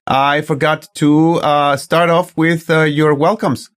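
A man's voice: fairly high pitch, little pitch movement, slow, a bit bright. A man hosting a podcast, chatting casually in a rambling, self-correcting way. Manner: rambling, restarts, chuckling. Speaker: podcast host.

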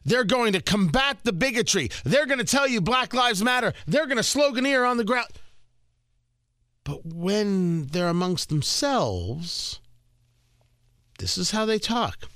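Sarcastic high-voiced talk radio man. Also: sing-song, a little slow, pushed and bright, dry recording, clean studio sound. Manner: sarcastic, indignant. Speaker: radio talk show host. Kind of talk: opinionated talk radio commentary.

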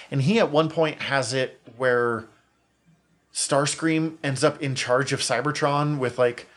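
A man co-hosts a podcast in casual chat, his mid-range voice a bit bright. He rambles enthusiastically, full of opinions and plenty of fillers.

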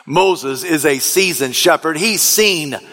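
An emphatic male pastor preaching in a church sanctuary, his voice a touch higher than most men's. He drives his key phrases home and at times rises to a shout, and a long reverb trails every line. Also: lively intonation, slow. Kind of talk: sermon.

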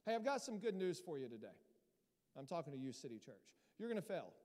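A man with a fairly high voice preaches a sermon in a church hall, his words trailing off into a long reverb. He talks in a lively, emphatic way and builds to loud peaks. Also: fast. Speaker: pastor.

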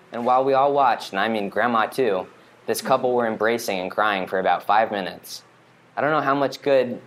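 Wry man telling a rambling monologue. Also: lowish voice. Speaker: storyteller. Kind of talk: first-person monologue reading.

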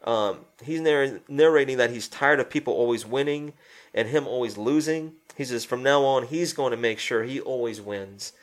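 A man chatting casually about a film, his voice at an ordinary middle pitch. He retells scenes animatedly, jumping into the characters' lines, swearing freely and laughing along the way. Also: moderate pace. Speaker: co-host discussing a film. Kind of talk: casual chat.

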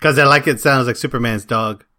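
A man co-hosts a casual podcast, trading playful, argumentative banter. His voice is bright and forceful, with an average pitch. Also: a little fast. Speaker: podcast co-host.

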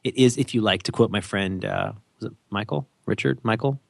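This podcast co-host speaks fairly low and fairly quick, with a creaky quality on a dry recording. His talk is casual and jokey, wandering along with lots of self-interruptions and plenty of animation.

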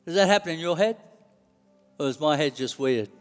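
A man's voice: fairly high pitch, a little fast, clean tone, in a large hall, faint music behind. A man preaching a sermon, telling it like a story and repeating key lines. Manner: animated storytelling, repeats phrases.

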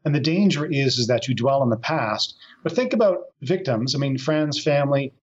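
A man's voice: mid-range voice, lively intonation, moderate pace, dull audio. A man being interviewed about his book over a video call, explaining in a conversational way. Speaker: guest author. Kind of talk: remote interview.

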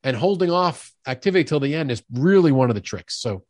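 Energetic middle-aged man, emphatic and dry. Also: a little high, brisk, dry recording. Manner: energetic, emphatic, acts out quoted dialogue. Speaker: sales leadership expert guest. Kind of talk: conversational podcast interview.

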